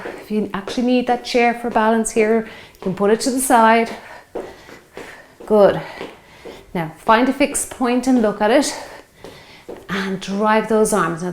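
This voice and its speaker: This fitness instructor, a woman in her 50s, leads guided home exercise and cheers people on while working out, slightly out of breath. She has a fairly high pitch, with a little hiss or hum in the recording.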